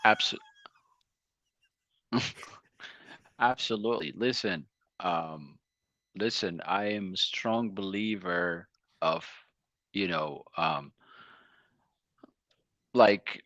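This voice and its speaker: A man co-hosting a podcast, talking politics in a measured way with fillers. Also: sits low, pushed and bright, dry recording, highs cut off. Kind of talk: casual political talk.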